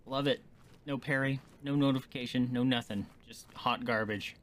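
A man's voice: mid-range voice, fairly even intonation, normal speed, slight background noise. A man giving let's play commentary as a gaming streamer, swearing and ranting at the game in frustration.

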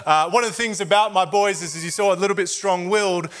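Australian man, pastor, high voice, bright and forceful tone, chatty joking sermon. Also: fast talker. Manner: joking, conversational preaching to a crowd. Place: church auditorium.

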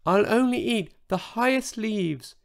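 A man voicing a huge, gentle male dinosaur who speaks in a tiny, timid, whispery voice for a storybook. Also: sits high, expressive, a little slow, vocal fry, voice pushed up, heavily acted. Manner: soft, meek, whispery.

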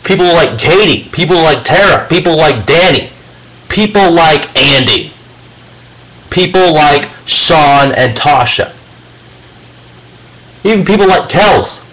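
Guy ranting at the camera, kinda high voice, cussing nonstop, calling someone out. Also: animated, slow, pauses often, a bit bright, low-quality recording. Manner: confrontational, swears heavily, addresses a rival directly. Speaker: video channel host. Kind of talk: angry profane rant to camera.

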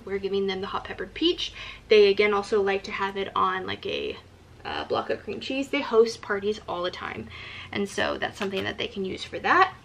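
A woman's voice: medium pitch, pushed and bright. A young woman vlogger chatting casually about gifts she picked, with lots of ums and likes and eager enthusiasm. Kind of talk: casual gift show-and-tell.

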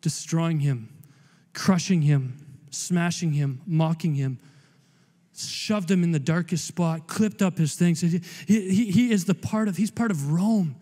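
A man preaching as a guest pastor, animated and conversational, with playful asides. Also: on the high side, measured pace. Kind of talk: sermon. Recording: long hall reverb.

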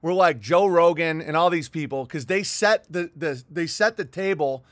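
A man's voice: on the high side, normal speed, no echo. Heated middle-aged man ranting. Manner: heated, profane, rambling with restarts. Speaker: livestream host. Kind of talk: rambling livestream monologue reading viewer chats.

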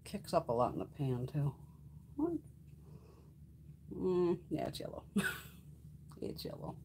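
A woman's voice: low voice, lively intonation, a little slow, mellow, a little hiss or hum. A middle-aged woman chatting casually while hosting a beauty livestream, swearing freely and laughing often. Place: home makeup room.

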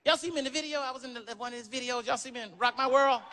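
A man doing stand-up storytelling, animated and profane, full of exclamations. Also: extremely high pitch, rapid-fire. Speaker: stand-up comedian. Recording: noisy live stand-up recording.

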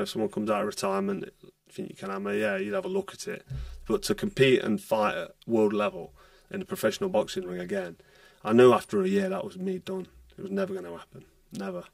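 A retired boxer, telling stories bluntly in a casual podcast chat and swearing freely. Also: male voice, high-pitched, lively intonation, fast talker, creaky, no echo, studio quality, distant mic. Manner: blunt, swears freely, acts out quoted dialogue.

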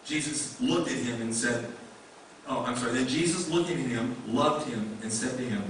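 A man's voice: medium pitch, normal speed, fairly bright tone, a little hiss or hum. A male pastor preaching a sermon in a conversational way, with many rhetorical questions. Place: church sanctuary. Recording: echoey room mic from a distance.

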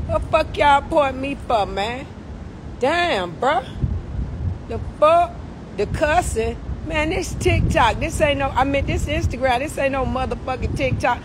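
A woman with a higher, very animated voice rants and curses on a phone livestream, her pitch leaping up and down. Heavy traffic rumble and noise sit behind her. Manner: profane, heated ranting with big pitch swings. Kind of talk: livestream rant.

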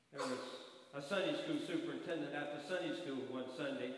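A male preacher delivering a sermon with humorous stories and emphatic repetition. His voice is on the higher side for a man. The recording is distant and full of long church reverb. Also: moderate pace. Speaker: guest preacher. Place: church sanctuary. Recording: echoey church hall, distant mic.

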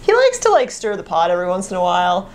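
A woman's voice: fairly low pitch, huge pitch swings, quick pace. Cheerful giggly woman co-host. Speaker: co-host of a store's talk show. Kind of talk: casual chat.

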